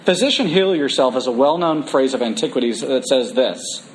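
A man preaching a sermon in a church, reading scripture and breaking into casual, animated asides. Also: mid-range voice, moderate pace, a little hiss or hum, rough recording.

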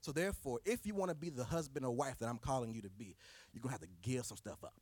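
A man's voice: mid-range voice, lively intonation, quick pace, a little mellow, no echo. A man preaching a sermon, driving points home with repeated rhetorical questions.

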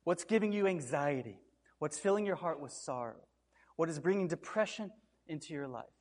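A man delivers a sermon in a high, ringing voice. He drives his points home with emphatic repetition. His words echo through a hall with a long reverb. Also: expressive, normal speed, darkish tone. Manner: preaching with rising intensity, repeated emphatic cries. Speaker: pastor.

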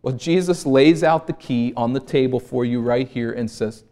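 A man delivering a sermon at a mid-range pitch. He preaches in earnest, swelling to strong, emphatic stretches and then dropping to quiet, hushed phrases. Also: moderate pace, hardly any pauses. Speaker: pastor.

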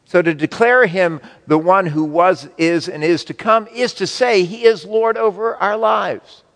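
A man preaching a sermon to his congregation, slow and emphatic, with wide swings between loud and soft. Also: high-pitched, big-room sound. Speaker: pastor.

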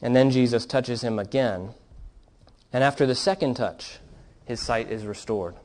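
A man preaching a sermon in an earnest, steady way, telling stories to his congregation. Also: mid-range voice, normal speed. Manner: earnest preaching, reads quoted account with rising fervor. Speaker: pastor.

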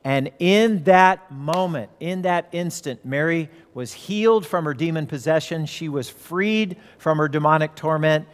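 This sermon comes from a pastor whose voice sits a little high, echoing with a long reverb tail. He preaches through stories, voicing the people he quotes.

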